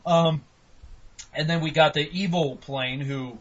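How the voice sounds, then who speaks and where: A man's voice: on the high side, steady tone, unhurried. Profane joking man, lo-fi podcast. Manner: profane, joking, acts out quotes in mock voices. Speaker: podcast co-host. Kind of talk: casual chat. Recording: dull lo-fi podcast audio.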